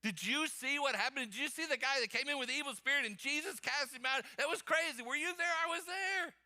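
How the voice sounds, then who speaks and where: A male pastor acting out an excited man at the barbershop quizzing his friend about recent news. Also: sits high, clear, resonant tone, no echo, clean studio sound. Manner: excited, rapid questioning. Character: eager male barbershop customer telling news.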